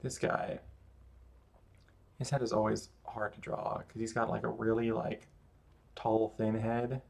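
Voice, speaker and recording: A man's voice: lowish voice, little pitch movement, unhurried, vocal fry, a little mellow. A male streamer talks loosely as he draws, narrating every step. He rambles and pokes fun at his own mistakes in an easy, conversational way. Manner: rambling, self-mocking running commentary. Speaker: streamer drawing live. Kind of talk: casual chat while drawing.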